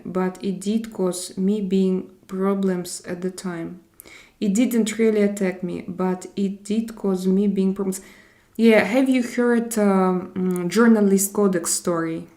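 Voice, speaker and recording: A woman with a Russian accent chats her way through a live stream, answering viewers one comment after another. Her voice is dark and mellow, with a gravelly, creaky edge. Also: mid-range voice. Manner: chatty, answers viewers' comments, switches between languages. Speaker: live-stream host reading chat. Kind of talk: casual live-stream chat.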